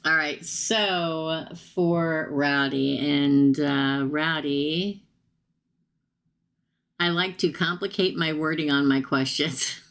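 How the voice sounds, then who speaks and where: Hoarse middle-aged woman, tarot host on a live stream: slow, chatty, gravelly and low, quick to laugh. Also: steady tone, a bit bright. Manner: chatty, laughs often, calls the viewer "girl". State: hoarse, losing her voice. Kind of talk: casual live tarot reading.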